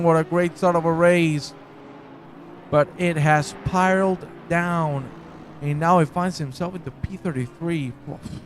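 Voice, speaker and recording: Brief: male race commentator, high and excitable, shouts at big moments, faint background hiss. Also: a little slow. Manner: excitable, shouts and exclaims at crashes, chats with viewers. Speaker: sim racing commentator.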